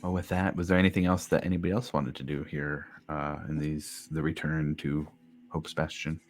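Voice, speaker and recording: A man's voice: rumbling low, little pitch movement, moderate pace. Laid-back male game master. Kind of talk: narrating a tabletop game.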